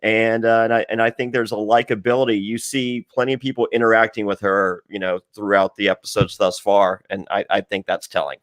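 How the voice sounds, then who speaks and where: A man as guest on a podcast, chatting casually in an animated way, swearing and often laughing. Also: fairly low pitch, a little fast, few pauses, no room sound.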